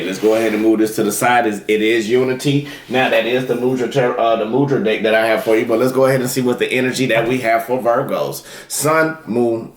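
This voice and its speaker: A man's voice: medium pitch, heavy background noise. Man giving a tarot reading in an echoey room. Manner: talks directly to viewers, drawn-out, emphatic calls. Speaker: tarot reader. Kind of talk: tarot reading with guided meditation.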